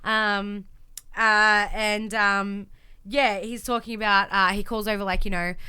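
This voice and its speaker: A woman's voice: medium pitch, flat delivery, measured pace, bright, forceful tone, smooth. A woman co-hosting a podcast, recapping events in casual chat and acting out quotes in exaggerated voices. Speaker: podcast co-host.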